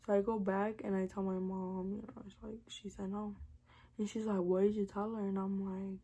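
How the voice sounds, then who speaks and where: A woman's voice: medium pitch, normal speed, breathy edge. A young woman telling a personal story in a casual, profane vlog, acting out what everyone said. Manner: animated, profane, acts out dialogue.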